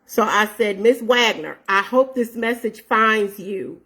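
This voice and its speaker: A woman's voice: mid-range voice, a little slow, a bit bright, slightly rough. A woman in her fifties hosting her own show, telling viewers a story in an earnest, casual way and reading out messages. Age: 50s. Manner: earnest, addresses viewers as y'all, reads out messages. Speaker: show host.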